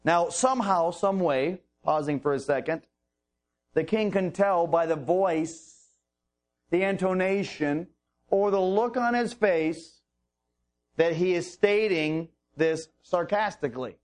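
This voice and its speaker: Slow, high-voiced male preacher. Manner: slow, deliberate Bible teaching with drawn-out pauses. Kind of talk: sermon.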